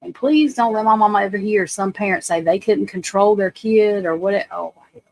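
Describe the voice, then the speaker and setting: A woman's voice: mid-range voice, normal speed, darkish tone, low-quality recording. A woman in her forties with a drawl chats loosely on a livestream. She rambles from story to story, blunt and profane, and keeps turning to her viewers. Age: 40s. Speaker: livestream host. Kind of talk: casual chat on a livestream.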